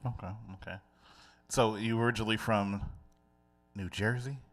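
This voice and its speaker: A man's voice: fairly low pitch, fairly even intonation, moderate pace. A man hosting a radio show in casual, slangy, joking talk with a sing-song delivery. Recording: loud hip hop music behind. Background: loud hip hop music.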